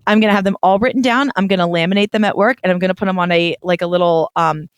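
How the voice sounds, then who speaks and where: A woman's voice: fairly low pitch, fairly even intonation, fast, clean tone, no echo. A young adult woman co-hosting a podcast, talking in a chatty, rambling way with nervous restarts. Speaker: podcast co-host. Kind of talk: casual chat.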